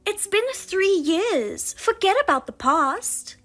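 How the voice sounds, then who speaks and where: A woman's voice: very high voice, expressive, takes it slowly, a bit bright, pitched above the performer's own voice, full character voice. A woman voicing a scheming younger sister who mocks and taunts in a sing-song way. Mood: mocking.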